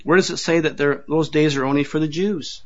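A man's voice: fairly high pitch, steady tone, a little fast. An older man preaching a sermon to his congregation in a folksy way, with chuckling asides and repeated words. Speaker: pastor. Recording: dull lo-fi sound.

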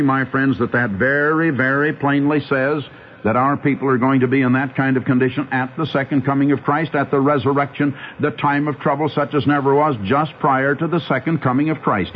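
A man preaching a radio sermon, urgent and pleading, calling his listeners "my friends" and drawing out key phrases with big swings in pitch. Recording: tinny phone-like old radio broadcast with faint hiss.

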